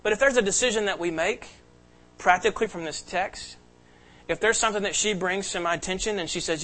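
A man's voice: sits high, a little fast, bright, forceful tone, faint music behind, poor audio. A pastor giving an earnest, emphatic sermon to his congregation in a church. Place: church sanctuary.

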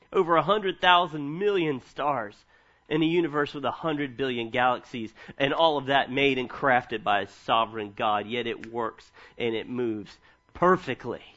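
With a fairly high voice on a recording whose highs are cut off, a thirty-something pastor reads from scripture. He livens his sermon with humorous, animated stories about his family.

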